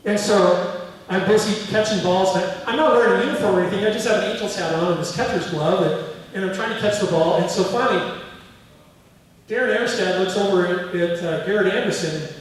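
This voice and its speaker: Middle-aged male lecturer, higher register, animated storyteller; distant mic in a roomy museum hall. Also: fairly quick. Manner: animated anecdotes, acting out quoted voices. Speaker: museum speaker.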